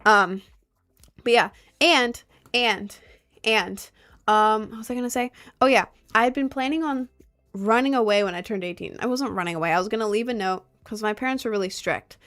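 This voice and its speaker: A young woman in casual storytime chat, animated and exasperated, sometimes slipping into mock voices of others. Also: a little high, normal speed, soft background music. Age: young adult. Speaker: vlogger.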